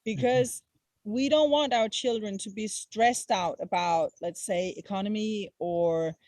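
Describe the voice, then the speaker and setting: A woman's voice: medium pitch, a little slow, darkish tone, no room sound. A woman, a traveling mother, explaining her family's approach in a firm, earnest way during a casual interview. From Denmark.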